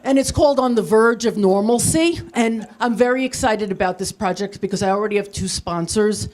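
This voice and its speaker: A woman doing stand-up comedy on a studio stage. She sets up each joke in a plain, even tone and lands self-mocking punchlines with a straight face. Her voice sits at an ordinary middle pitch. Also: a little fast. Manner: self-deprecating deadpan punchlines. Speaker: stand-up comic. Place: TV studio with live audience.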